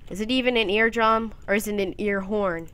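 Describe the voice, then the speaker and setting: A teenage girl chatting her way through a game in a loose, rambling commentary. She giggles often and breaks into silly, high-pitched voices on a whim, staying playful throughout. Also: steady tone, brisk, a bit bright. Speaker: gameplay commentator. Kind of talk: casual gameplay commentary.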